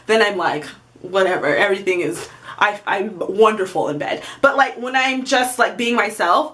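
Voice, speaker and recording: A woman's voice: a little high, a bit bright. A young woman vlogging in a candid, rambling way, self-deprecating and full of fillers, often dropping into quoted voices and laughing. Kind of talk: candid confessional vlog.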